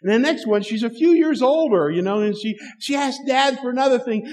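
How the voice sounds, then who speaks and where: A middle-aged man with a very high, slightly mellow voice preaches a little fast as a pastor. He tells stories, plays out the dialogue, and chuckles, with long reverb from the hall.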